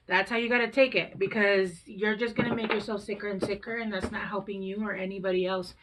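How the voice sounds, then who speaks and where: A woman's voice: mid-range voice, fairly even intonation, quick pace, few pauses, noisy background. A woman in her thirties reading tarot in a loose, chatty way. She swears without a second thought and keeps coming back to a reassuring, coaching tone aimed at her listeners. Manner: candid, conversational, swears freely. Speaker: tarot reader.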